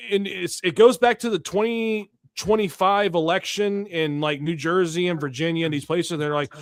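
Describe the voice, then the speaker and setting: A man's voice: high-pitched, brisk, hardly any pauses, dry recording. A man hosting a political talk show, ranting in a blunt, heated way with many restarts. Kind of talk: casual opinionated commentary.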